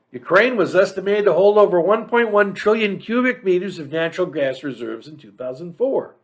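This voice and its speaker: A male show host delivers a political commentary monologue in a high voice that swings widely in pitch. He reads facts aloud in a mocking, sarcastic tone. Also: animated, fairly quick, hardly any pauses.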